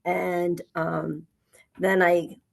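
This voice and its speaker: A middle-aged woman tells her own story as an interview guest. Her voice sits a little low, and she acts out old conversations with lively energy. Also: drawn-out words, vocal fry. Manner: animated storytelling, acting out conversations.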